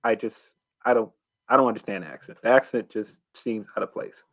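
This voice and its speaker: A man's voice: fairly low pitch, a little fast, no room sound. A man co-hosting a casual wrestling talk show, thoughtful and hesitant, with plenty of fillers. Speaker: podcast co-host.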